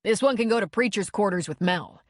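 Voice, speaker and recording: A woman's voice: mid-range voice, expressive, brisk, no room sound, lightly acted. A woman voicing a protective male bar owner with a dry, commanding manner.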